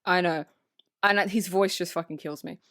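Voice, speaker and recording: A woman co-hosting a movie podcast, recapping the film in casual, profane, animated chat and acting out bits of the characters. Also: fairly low pitch, normal speed, dry recording, clean studio sound. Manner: animated, swears freely, acts out characters. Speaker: podcast co-host.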